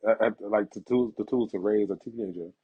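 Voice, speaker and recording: A young man hosts a casual podcast chat, speaking fairly quickly with a breathy edge. He tells personal stories animatedly, laughing through them and acting out quotes in a higher voice. The sound is dull and lo-fi.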